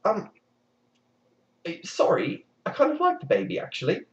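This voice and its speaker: A man's voice: high-pitched, huge pitch swings, normal speed, a bit bright, pitched above the performer's own voice, full character voice. A man voicing an exasperated, sarcastic young miller's daughter in a comic fairy tale retelling. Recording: dull lo-fi recording.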